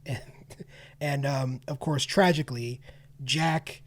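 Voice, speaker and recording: Man, podcast co-host, wry casual film chat, laughs a lot, mid pitch. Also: steady tone, slow. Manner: wry, laughs often, trails off with ums.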